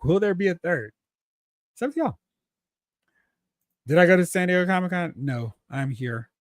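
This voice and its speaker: Animated male toy-stream host, dry mic. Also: high-pitched, normal speed, dry recording. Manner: animated, laughs often, acts out exclamations. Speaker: toy collecting livestream host. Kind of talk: casual livestream chat reading comments.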